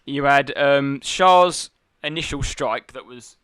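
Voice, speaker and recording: A man's voice: medium pitch, slow, fairly bright tone. A man co-hosting a casual football podcast, laid-back and often laughing along. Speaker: podcast co-host.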